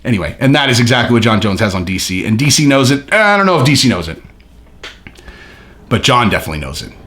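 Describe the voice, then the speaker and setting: A man's voice: mid-range voice, sing-song, quick pace, a bit bright. A man hosting his own channel, talking casually and animatedly, with lots of filler words and swearing. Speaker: host. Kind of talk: casual commentary.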